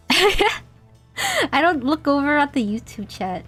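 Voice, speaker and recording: A young woman streaming a game, chatting casually in a giggly, rambling, self-deprecating way, her throat a little dry and husky. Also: high-pitched, very animated, slow pace, a bit bright, faint music behind. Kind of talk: casual gaming stream chat.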